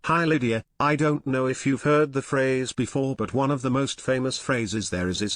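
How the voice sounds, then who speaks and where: Flat synthetic male donation voice. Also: medium pitch, moderate pace, hardly any pauses, no room sound. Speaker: text-to-speech donation reader.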